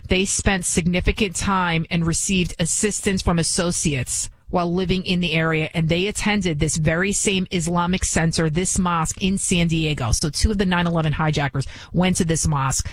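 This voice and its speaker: A woman's voice: fairly low pitch, fairly even intonation, normal speed, hardly any pauses, low-quality recording. A woman hosting political opinion commentary, indignant and firing off rhetorical questions with many restarts. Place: New York City.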